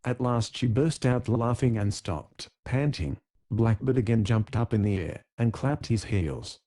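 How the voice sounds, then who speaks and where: A man reading an audiobook in steady, measured scripted narration. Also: medium pitch.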